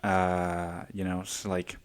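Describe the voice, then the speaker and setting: A man's voice: low voice, completely flat delivery, takes it slowly. A man from Mexico hosting a casual solo podcast, rambling and swearing freely as he tells stories about his day. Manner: rambling, profane, storytelling with quoted voices. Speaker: podcast host.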